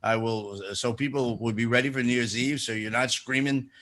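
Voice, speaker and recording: Bright-voiced joking Jersey host. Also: male voice, mid-range voice, steady tone, normal speed. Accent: New Jersey. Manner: joking, rambling, self-interrupting. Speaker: radio show host. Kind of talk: casual radio chat.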